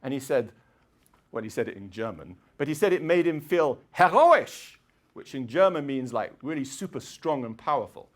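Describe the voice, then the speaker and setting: Middle-aged guy lecturing in a hall, chatty, keeps clearing his throat, voice bounces up and down a lot. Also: mid-range voice, expressive, fairly quick. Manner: chatty, digressive, frequent throat clearing and fillers. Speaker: university lecturer. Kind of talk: public lecture.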